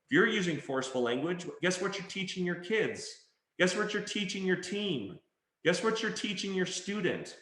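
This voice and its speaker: A man's voice: high-pitched, big pitch swings, normal speed, a bit bright. A man giving a motivational talk on language, speaking emphatically, calling listeners guys and mimicking whiny complaints. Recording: echoey room.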